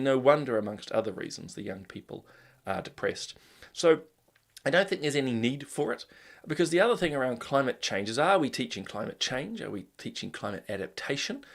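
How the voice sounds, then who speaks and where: A man's voice: medium pitch, creaky. Kiwi guy hosting a live show, casual and chatty, keeps saying uh and look, says hi to viewers by name. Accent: New Zealand. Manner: conversational, greets viewers by name, frequent "uh" and "look". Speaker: host. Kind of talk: casual live-stream commentary.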